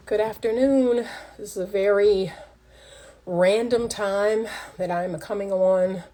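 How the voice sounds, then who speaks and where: Mellow-voiced woman, teacherly and direct. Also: mid-range voice, slow pace. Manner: direct, teacherly, addresses viewers. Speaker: relationship coach. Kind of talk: casual livestream talk. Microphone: phone livestream.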